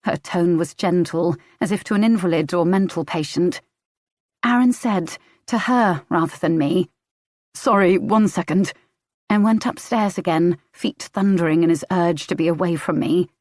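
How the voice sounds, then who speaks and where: A woman's voice: on the low side, normal speed, a little mellow, no room sound, studio quality. A woman reading a first-person audiobook in a tense, emotional way. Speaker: audiobook narrator.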